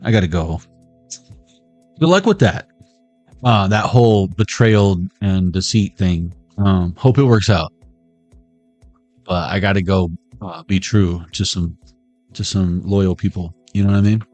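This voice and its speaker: A man's voice: low voice, a little slow, pauses often, a little mellow, soft background music. A man giving a casual, jokey tarot reading, drifting into tangents and talking straight to his viewers. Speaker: tarot reader.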